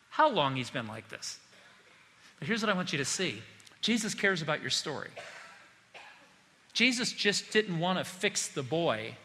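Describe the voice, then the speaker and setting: Guy preaching a sermon, real bright tone, big hall echo, gets worked up. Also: high-pitched. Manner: impassioned, acts out quoted voices. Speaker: pastor. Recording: long hall reverb.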